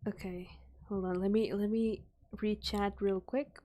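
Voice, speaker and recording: A young woman streaming a casual reaction chat, rambling with many fillers and soft sighs. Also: medium pitch, steady tone, unhurried.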